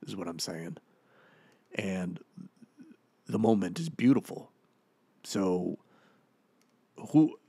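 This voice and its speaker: Give me a man doing a foul-mouthed, gravelly ghost of an old actor. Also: low-pitched, mellow, no echo, heavily acted. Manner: rambling, profane, full of "you know" fillers. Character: crude boastful ghost of a washed-up male actor. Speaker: comedian doing audio commentary. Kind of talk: comedic audio commentary impression.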